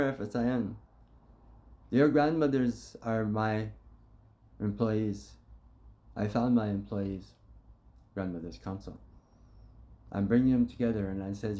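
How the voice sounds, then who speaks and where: A man's voice: on the low side, measured pace, long pauses, dark tone. A man telling a story to his supporters in a blunt, profane, impassioned monologue, acting out the dialogue. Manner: blunt and profane, acts out quotes.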